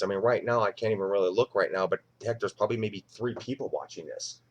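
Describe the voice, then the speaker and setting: A middle-aged man with a fairly low voice talks loosely on a home live stream. He rambles, swears freely and jumps between thoughts. He falls into quick, heated voices whenever he retells what someone said. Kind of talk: casual live-stream chat.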